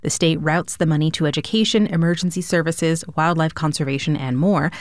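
A woman news anchor with a low voice reads bulletins clearly and steadily. The studio sound is dry. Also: steady tone, brisk, dry recording. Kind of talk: scripted news report.

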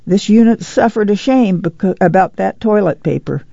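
A meek, ashamed mother pleads in a thin, whining voice pitched well up, as an audiobook reader puts her on. The sound is gravelly, dark and dry, from a dull lo-fi recording. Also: normal speed, no room sound. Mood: pleading.

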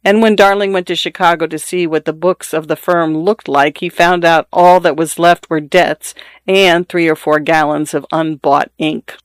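A man narrating a short story as an audiobook, in a measured, even storytelling manner. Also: on the high side, clean tone, dry recording, clean studio sound.

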